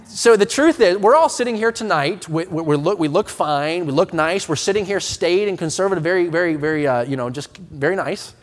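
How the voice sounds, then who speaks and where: A man in his thirties delivering a sermon, his voice sitting high for a man. He moves from hushed earnest appeals to loud, impassioned pleading and trips over restarts as he presses his point. The long reverb of a church hall trails every phrase. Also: animated, fairly quick, few pauses. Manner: impassioned preaching, swelling from quiet to loud; stammering restarts. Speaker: pastor. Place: church sanctuary with a congregation.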